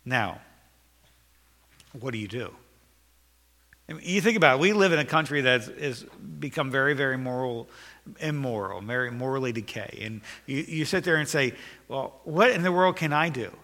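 A man's voice: mid-range voice, moderate pace, long pauses, pushed and bright, big-room sound. A man preaching a sermon as pastor, earnest and repeating phrases for emphasis, in a church sanctuary.

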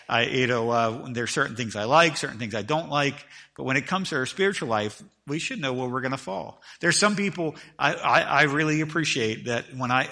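A man's voice: on the high side, pushed and bright. A middle-aged man preaching a sermon, with emphatic delivery that swells and drops in volume, often repeating words as he restarts. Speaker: pastor.

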